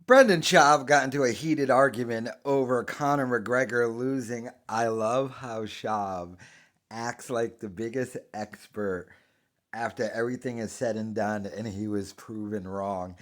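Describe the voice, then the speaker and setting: A man's voice: mid-range voice, unhurried. A man hosting a reaction video, ranting with scornful sarcasm. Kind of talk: reaction commentary.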